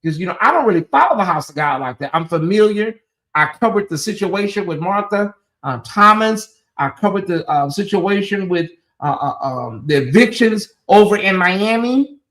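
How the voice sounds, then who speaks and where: High voiced guy hosting a livestream, chatty and animated, laughs a lot. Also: moderate pace. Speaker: host. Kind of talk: livestream commentary, talking to the chat.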